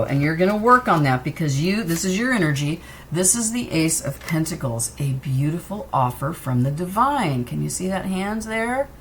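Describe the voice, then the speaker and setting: A woman's voice: fairly low pitch, fairly bright tone, a little hiss or hum. A woman doing a casual tarot reading, chatty and reassuring as she talks straight to the viewer. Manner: loose and wandering, jumps between cards. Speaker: tarot reader.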